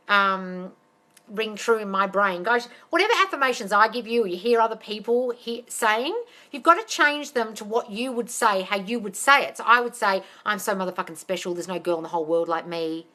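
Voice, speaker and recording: A woman's voice: mid-range voice, sharp tone. A woman answering questions on a live stream as a manifestation coach. She is blunt and swears freely, and she calls her listeners darling. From not American.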